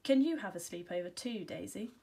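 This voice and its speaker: A kind, helpful schoolgirl from a storybook, as a woman reading aloud voices her. She speaks warmly and quickly smooths things over. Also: medium pitch, expressive.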